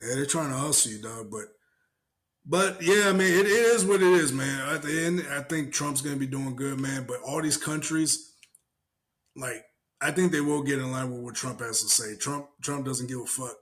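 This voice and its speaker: A man co-hosting a casual podcast, talking in a profane, animated way and laughing often. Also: mid-range voice, normal speed. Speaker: podcast co-host.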